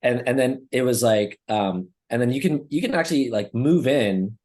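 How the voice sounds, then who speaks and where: In a laid-back podcast conversation, a young male co-host spins a rambling story packed with fillers and curse words. He speaks at a moderate pace in a mid-range, slightly mellow voice.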